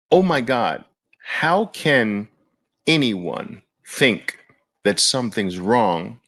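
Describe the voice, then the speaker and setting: A male host giving market commentary in an animated, exclamatory way. His pitch swings widely while he keeps an unhurried, drawn-out pace, often sounding incredulous.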